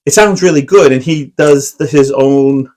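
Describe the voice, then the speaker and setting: A man's voice: a little high, moderate pace, darkish tone, poor audio. A man co-hosting a podcast, telling a long anecdote in casual chat, full of fillers and quoted lines. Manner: rambling, filler-heavy storytelling with acted quotes. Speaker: podcast co-host.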